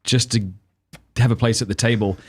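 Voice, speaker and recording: A man's voice: medium pitch, steady tone, brisk, darkish tone. A man with an Australian accent hosting a podcast, playful and jokey. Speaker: podcast host. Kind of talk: casual podcast chat.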